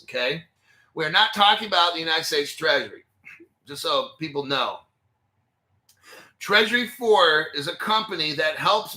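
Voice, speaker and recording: A man with a somewhat high, sharp voice hosts a crypto channel, speaking casually, bluntly and with exasperation directly to his viewers while working at his computer. It's relaxed livestream commentary.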